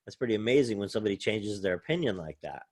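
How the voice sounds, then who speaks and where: A man's voice: on the low side, expressive, very fast, a little mellow. A man, a college English professor, giving a casual, rambling recorded lecture while sharing his screen, thinking aloud with many fillers.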